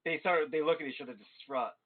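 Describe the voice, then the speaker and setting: Male game master, casual and crude narration, fairly high voice, tinny phone-like audio. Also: quick pace.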